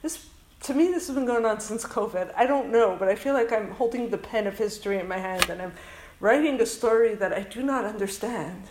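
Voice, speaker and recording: A woman's voice: medium pitch, brisk, a little mellow, reverberant, slight background noise, poor audio. A woman from Canada, a school principal who runs a summer camp, tells a heartfelt story to an audience. She speaks earnestly and emotionally and drops in Hebrew and Yiddish words.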